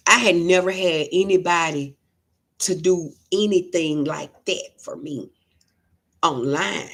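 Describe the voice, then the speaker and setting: A middle-aged woman hosts a casual livestream, telling emotional, heartfelt stories and reading viewer comments aloud. Her voice is on the low side, unhurried and fairly bright in tone.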